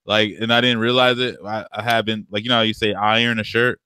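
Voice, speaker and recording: He talks fast in a low voice with little pitch movement and a sharp tone, co-hosting a podcast full of slangy stories and frequent laughter. His family is from the American South, and the mood is laid-back. The recording is smooth with no echo.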